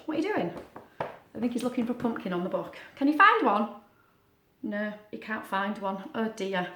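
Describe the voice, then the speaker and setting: A teacher reads a picture book aloud to young children, making playful asides to a puppet during storytime. She's animated and sing-song, speaking in a mid-range voice at a moderate pace. The room sounds roomy and echoey.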